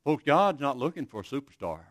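An earnest male preacher delivering a sermon, speaking at a middle pitch. He tells stories in a halting way, often restarting his phrases. The sound is dry and close. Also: big pitch swings, no room sound. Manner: earnest, storytelling with many restarts.

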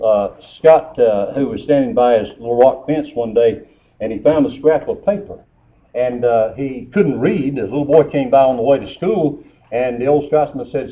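A man preaching a sermon, telling folksy stories and quoting scripture. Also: mid-range voice. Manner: folksy storytelling with scripture quotes. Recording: tinny phone-like sermon recording.

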